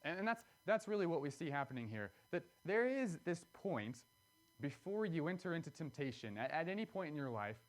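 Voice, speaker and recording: A man's voice: on the high side, sing-song, brisk. A man preaching a sermon, earnest and explanatory, pressing key words with emphatic rises.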